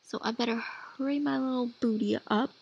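A woman's voice: a little high, fairly even intonation, fairly quick, gravelly, darkish tone, husky, dull audio. A woman who runs a gaming channel, giving casual commentary over gameplay in a chatty, rambling way with lots of fillers and some sassy asides to her game character. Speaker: gaming YouTuber.

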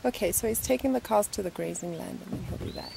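A woman's voice: mid-range voice, fast, creaky, warm tone, a little hiss or hum, poor audio. A woman vlogging on a phone camera outdoors by a rural road, chatting playfully with teasing, mock-dramatic asides. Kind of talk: casual vlog chat.

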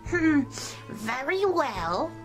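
Woman doing a squeaky grumbling storybook troll. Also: lively intonation, extremely slow, soft background music, full character voice. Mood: nervous. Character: grumbling greedy troll under a bridge, male. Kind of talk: storybook read-aloud.

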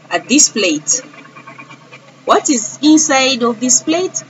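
A woman's voice: mid-range voice, a bit bright, a little hiss or hum. A woman teaching a lesson to young children, speaking patiently and repeating words for them to echo back. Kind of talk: early-years classroom lesson.

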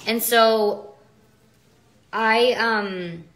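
A woman with a very bright, forward voice talks on a livestream. She is a mother who rambles and justifies herself, and she often breaks off and restarts her sentences. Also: on the low side, brisk. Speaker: mother and social media seller. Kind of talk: rambling live stream monologue.

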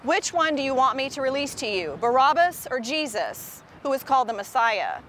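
A stern Roman governor presses the crowd with pointed questions, as a woman reading scripture aloud voices him. The voice sits a little higher than her plain reading. It is set against faint traffic outdoors. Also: sing-song, normal speed, fairly bright tone. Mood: questioning.

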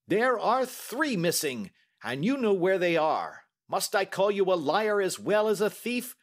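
A man's voice: high-pitched, sing-song, unhurried, voice pushed up, full character voice. A man voicing an enraged older male banker who bellows accusations at his son. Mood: furious.

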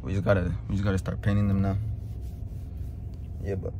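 A man narrates a casual vlog in a lowish voice. He sounds relaxed and slangy, stumbling and restarting his phrases. It is a phone video with loud background noise. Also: brisk. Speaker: vlogger. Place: outdoors and in stores, on the move.

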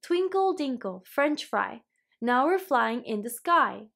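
A woman voicing an eager, cheerful little girl witch who chants rhyming spells in a bright, excited way. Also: high voice, slow, gravelly, heavily acted. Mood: chanting spells.

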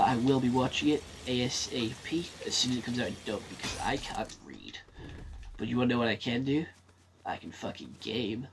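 A man's voice: medium pitch, slight background noise. A man giving casual gameplay commentary, swearing freely and talking himself through a match. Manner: swears freely, talks to himself while playing. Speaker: gaming streamer.

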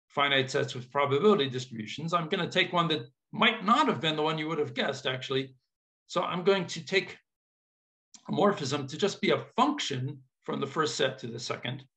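Man, mid-pitched voice, informal math lecture, thinks aloud, casual asides, checks audience follows. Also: a bit bright.

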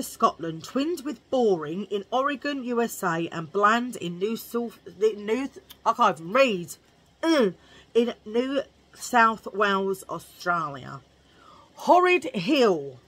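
Husky-voiced woman chatting jokily. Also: medium pitch, pushed and bright. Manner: jokey, rambling, laughs at own remarks. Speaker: vlogger. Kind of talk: chatty vlog storytelling.

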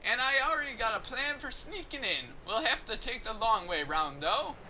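A man voicing a brash, excitable older boat captain in a video game, in a loud, boisterous way. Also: very high voice, normal speed, noisy background.

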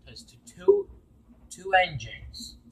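A cross, bossy female engine snaps and sneers, as a man voices her in a homemade story. The voice sits high and swoops widely, with a slightly husky edge. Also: wildly swooping pitch, slow, a little mellow, exaggerated voice, poor audio. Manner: snappy, sarcastic. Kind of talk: amateur fan story voice acting.

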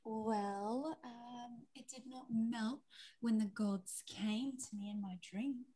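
Eine Frau spielt einen hochmütigen Prinzen. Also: female voice, on the high side, steady tone, slow, slightly rough. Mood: haughty, commanding. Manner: commanding, quiet, haughty. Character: grandiose, stubborn prince, man. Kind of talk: comedic table read.

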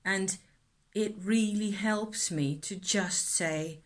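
A woman's voice: medium pitch, slow. A middle-aged woman vlogging reflectively about her feelings, hesitant and earnest, often trailing off and restarting. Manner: earnest, self-examining. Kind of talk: reflective personal vlog.

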